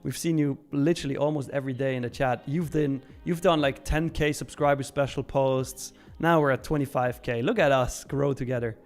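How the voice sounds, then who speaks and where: A man's voice: mid-range voice, steady tone, a little fast, few pauses, faint music behind. A young Swiss man casually hosting a live trading stream, chatting, reading out chat messages and laughing often. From Switzerland.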